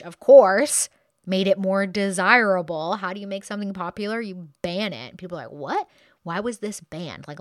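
A woman's voice: mid-range voice, no echo. Chatty woman podcast host, dry close mic. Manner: chatty and animated, acts out quotes. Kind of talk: casual podcast talk.

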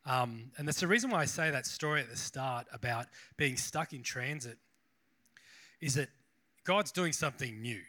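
A man's voice: medium pitch, animated, normal speed, sharp tone. A man preaching a casual sermon as a pastor, chatty and rambling, with self-deprecating asides.

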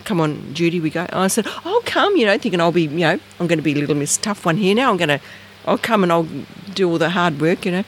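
Animated Australian woman telling a story. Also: on the low side, quick pace, hardly any pauses, a little hiss or hum. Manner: animated, acts out voices and sounds. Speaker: interview guest. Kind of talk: personal storytelling.

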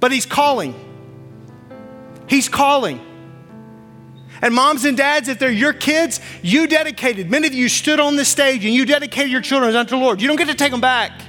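Pastor, man in his 40s, very high bright voice, fervent repetitive preaching, reverberant church, faint music under. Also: fast talker, hardly any pauses. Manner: impassioned preaching, repeats phrases. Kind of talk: sermon. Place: church stage.

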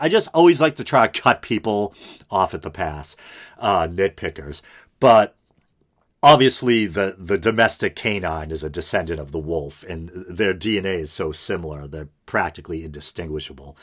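A man with a lowish voice giving a casual podcast commentary. He chuckles easily, reads passages aloud in a steady explanatory way, and breaks off for quick self-correcting asides. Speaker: podcast host responding to a clip. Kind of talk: casual commentary over a played debate.

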